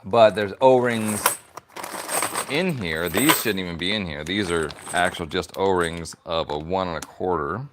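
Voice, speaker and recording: A man's voice: low-pitched, unhurried, very noisy. A man hosting a leather crafting stream, chatting playfully and giggling as he rambles through his work in a workshop. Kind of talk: casual chat while crafting leather.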